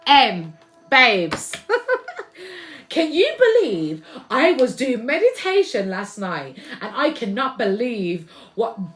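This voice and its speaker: A young woman giving a spiritual card reading to viewers, chatty and slangy, swinging between loud bursts and hushed asides. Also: fairly high pitch, big pitch swings, takes it slowly, over music. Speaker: tarot reader.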